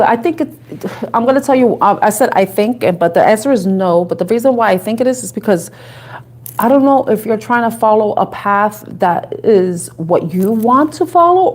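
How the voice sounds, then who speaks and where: A woman from the Bronx with a New York accent, chatting and thinking out loud as she gives a live tarot reading to viewers. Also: mid-range voice. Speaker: tarot reader.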